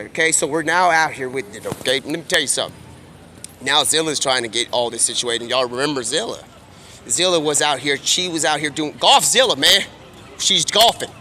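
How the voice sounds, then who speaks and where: A man streamer telling a rambling, improvised story, jumping into quick character voices. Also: fairly high pitch, bright, forceful tone, slight background noise.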